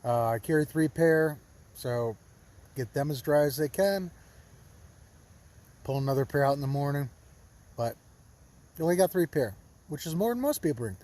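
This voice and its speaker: A man hiking a long trail, talking casually and warmly to his camera outdoors, upbeat and easily moved. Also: a little high, lively intonation, normal speed, long pauses. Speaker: long-distance hiker vlogger.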